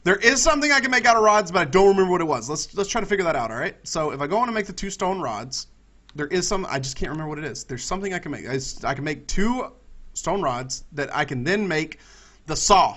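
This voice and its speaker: High, bright-voiced excitable gamer man. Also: fast talker. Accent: Southern US. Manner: excitable, talks to himself and his viewers. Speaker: gaming YouTuber. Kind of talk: let's-play commentary.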